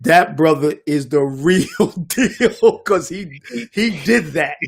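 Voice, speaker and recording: An older DJ recounts a story in a casual podcast chat. His voice is gravelly and husky and sits a little high. He talks animatedly and slips into the voices of the people in his story. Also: slow pace. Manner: animated, repeats "man", acts out voices of others. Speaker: guest DJ and producer.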